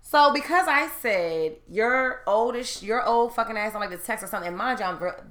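Thirties woman, loud and foul-mouthed storyteller, bright forceful voice, echoey room. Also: on the high side, a little fast, few pauses. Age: 30s. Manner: loud, profane and animated, rising to shouts when heated. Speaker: storyteller in a group chat. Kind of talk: casual chat, telling a story.

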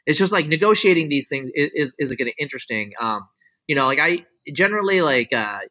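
An animated, fast-talking man with a slightly high, sharp voice is a guest scientist in a casual interview. Opinionated and rambling, he explains his views at length, his speech full of "like" and "you know."

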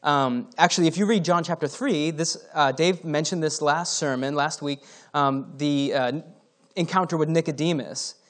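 Guy preaching, kinda chatty, reads the bible bits then riffs on them, voice sits a bit high. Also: moderate pace. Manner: conversational, reads scripture aloud with asides and chuckles. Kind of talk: sermon.

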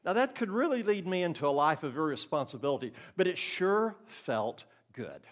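A man's voice: fairly high pitch, big pitch swings, normal speed. Older man preaching an earnest sermon. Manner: earnest, conversational, acts out quoted voices.

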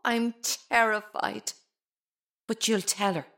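A woman's voice: mid-range voice, steady tone, slow, vocal fry, fairly bright tone, no room sound, studio quality. An actress in her seventies with an Irish accent playing a fierce, defiant grandmother in prison. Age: 70s. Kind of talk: film drama acting.

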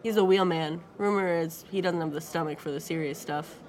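A man's voice: a little high, brisk, natural voice. A woman voicing an older jailed father with a thick Spanish accent who is fond and teasing and slips into Spanish. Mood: confident.

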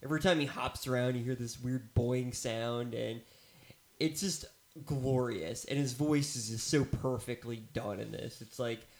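A man's voice: mid-range voice, a little slow, darkish tone. A man co-hosting a casual movie review chat, making dry jokes with many ums. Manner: dry, joking asides with many fillers.

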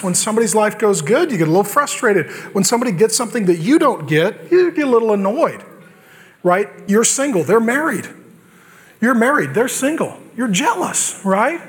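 A male pastor preaching a sermon with humor, acting out biblical characters in quoted asides. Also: high voice.

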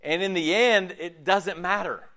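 Animated conversational male pastor preaching. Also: high voice. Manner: conversational, animated, many rhetorical "okay?"s and quick mocking asides. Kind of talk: sermon.

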